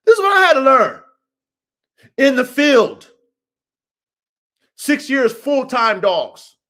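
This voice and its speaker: Male podcast host, high voice, cursing preacher energy, quiet-to-shouting swings. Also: sing-song, takes it slowly. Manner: profane, preachy, swings from low mutters to shouts. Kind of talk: motivational podcast monologue.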